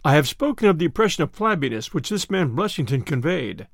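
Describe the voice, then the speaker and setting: A man narrating a story in the first person, expressive and storytelling. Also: fairly high pitch, brisk, gravelly, husky, no room sound, clean studio sound. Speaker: audiobook narrator.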